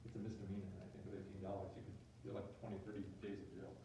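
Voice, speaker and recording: Joking math teacher in an echoey classroom. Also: male voice, low-pitched, very fast, noisy background. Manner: joking, animated, talks to himself. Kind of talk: classroom lecture. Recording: echoey room, distant mic, dull sound.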